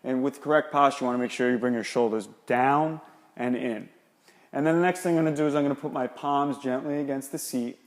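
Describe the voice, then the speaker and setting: A man's voice: mid-range voice, in a large hall. A man, an exercise specialist, explaining and demonstrating shoulder exercises in a coaching manner.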